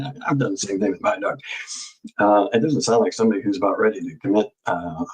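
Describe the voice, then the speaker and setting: A man in a casual live discussion, guiding through a map with halting speech and many fillers and restarts. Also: medium pitch, darkish tone, breathy edge, poor audio.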